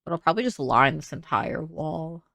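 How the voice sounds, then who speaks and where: A woman's voice: low voice, animated, normal speed, gravelly, fairly bright tone, no echo, clean studio sound. A young woman casually thinking aloud while she builds in a game, chatty and full of "like"s. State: sleepy, yawning. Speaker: gaming creator building in a life sim.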